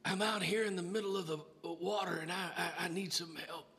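A man preaching a sermon, building to shouted exclamations with many "uh" and "amen" fillers. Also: high-pitched, fairly even intonation, a little fast.

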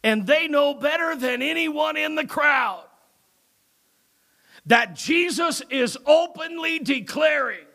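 A man preaching a sermon as pastor, moving from low, quiet talk to loud, shouted emphasis and often repeating his words. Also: animated, slow.

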